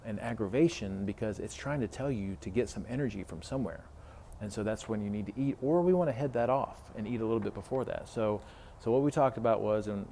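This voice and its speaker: A man with a fairly low, warm voice, carrying a slight hiss or hum, speaks casually in podcast style. He's a health coach recounting a conversation with a client, full of fillers and side remarks.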